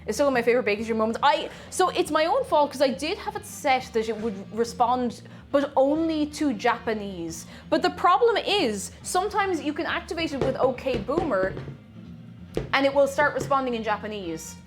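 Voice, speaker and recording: A woman's voice: sits high, expressive, moderate pace, soft background music. A woman streamer chatting casually with her viewers while she bakes. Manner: chatty, reading out viewer messages. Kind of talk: casual chat while baking.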